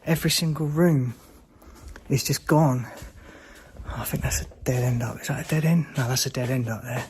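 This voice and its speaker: A man exploring an abandoned hospital at night, hushed and frightened, swearing and shaking with fear as he talks to his camera. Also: mid-range voice, moderate pace. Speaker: urban explorer. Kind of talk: whispered solo vlog. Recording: noisy handheld camera audio.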